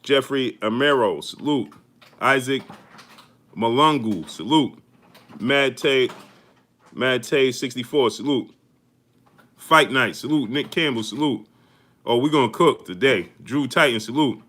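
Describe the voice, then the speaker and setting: Bright-voiced man hyping a live stream. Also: medium pitch, unhurried, pauses often. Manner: energetic, greets viewers one by one with slang. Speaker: host of a boxing live stream. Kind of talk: casual live-stream shout-outs.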